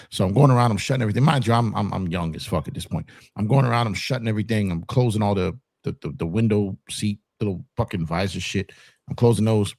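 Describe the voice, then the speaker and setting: Animated, profane man telling a story. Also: fairly low pitch, vocal fry, dry recording, studio quality. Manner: animated, profane, acts out quotes. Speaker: podcast co-host. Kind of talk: casual storytelling.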